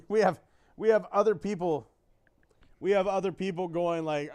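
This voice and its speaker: A man's voice: high voice, a little slow, darkish tone. A middle-aged man co-hosting a live podcast, telling jokey stories in casual chat and laughing often. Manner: joking storyteller, laughs often. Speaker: podcast co-host.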